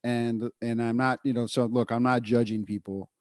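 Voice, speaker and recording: A man co-hosting a podcast, telling a candid personal story in casual chat, full of fillers and quick asides. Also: mid-range voice, level tone, darkish tone, no room sound, clean studio sound. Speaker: podcast co-host.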